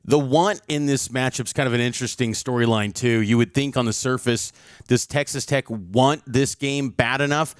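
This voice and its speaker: A man with a smooth, resonant voice breaks down a college football matchup like a seasoned sports reporter. He talks with confidence, piling up stats to make his case. The sound is close and dry. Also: medium pitch, steady tone, normal speed, no echo. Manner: confident, analytical, stat-heavy delivery. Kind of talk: game preview commentary.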